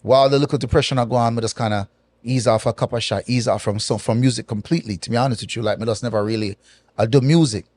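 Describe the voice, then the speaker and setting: Man with speech. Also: medium pitch. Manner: animated, patois-laced, drawn-out pauses. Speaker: guest. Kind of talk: casual storytelling interview.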